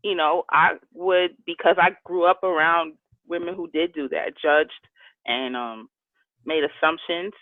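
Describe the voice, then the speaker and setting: A woman's voice: fairly low pitch, steady tone, a little slow, dry recording. A woman guest telling a personal story in a candid, heartfelt way over a call. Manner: heartfelt, emotional. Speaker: guest author. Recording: tinny phone line.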